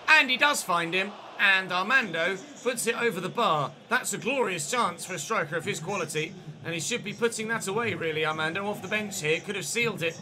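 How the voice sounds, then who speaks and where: A man's voice: a little high, bright, forceful tone, a little hiss or hum. A young man hosting a football video game series, giving chatty commentary like a match commentator and correcting himself as he goes. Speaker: gaming channel host. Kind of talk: casual let's-play commentary.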